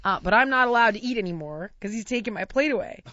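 A woman from the United States telling a long funny story in casual chat, animated and often laughing as she acts out what people said. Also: a little high, quick pace, dry recording. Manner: animated, laughs through her own story, acts out quotes. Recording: dry, slightly dull lo-fi sound.

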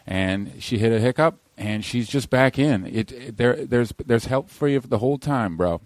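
A man chatting casually in a studio at an ordinary middle pitch. He is easygoing and a bit hesitant, often restarting what he says. The sound is close and dry, with no room echo. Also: moderate pace, darkish tone. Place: recording studio.

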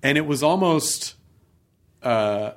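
A man's voice: fairly high pitch, lively intonation, slow pace. A man hosting a podcast, chatting loosely and swearing casually. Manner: casual, rambling, swears freely. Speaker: podcast host.

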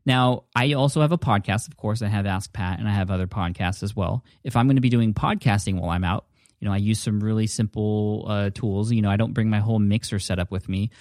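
A man's voice: fairly low pitch, brisk, darkish tone, dry recording. A man hosting a podcast in casual, upbeat chat, recorded at home on a desk microphone. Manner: upbeat, chatty. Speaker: podcast host. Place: home office. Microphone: studio dynamic mic at a desk. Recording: dry close-mic studio sound.

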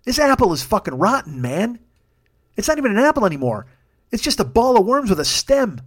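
Here a podcast host, alone on his comedy show, rants heatedly and swears nonstop, then wanders through thanks to his crew with rambling self-deprecation. His male voice sits high, sounds a bit bright, and is brisk and very animated.

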